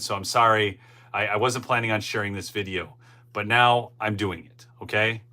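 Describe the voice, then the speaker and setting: Reading his chat during a political commentary livestream, a man talks casually and rambles, often checking "okay?" with the audience. His voice is medium in pitch, pushed and bright, delivered at a moderate pace.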